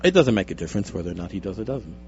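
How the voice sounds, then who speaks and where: A young man co-hosts a casual radio show, joking and teasing with many stammered restarts as he talks into a studio mic with headphones. His voice sits low and is a little mellow, with big pitch swings and a very fast pace. The sound is lo-fi, with soft music in the background.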